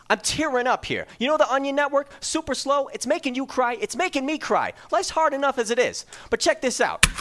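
A man playing a loud, pushy infomercial pitchman in a parody ad video. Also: exaggerated voice. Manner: loud, pushy sales patter. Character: hyped-up male infomercial pitchman.

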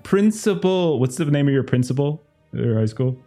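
A man's voice: mid-range voice, lively intonation, moderate pace, few pauses, mellow, faint music behind. A man narrating as game master in a tabletop game, rambling with many fillers.

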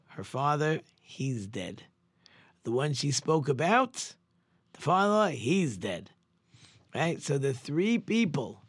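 A man, a rabbi, telling a parable in a sermon and acting out the characters' lines with lively shifts. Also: mid-range voice, no room sound. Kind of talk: sermon storytelling.

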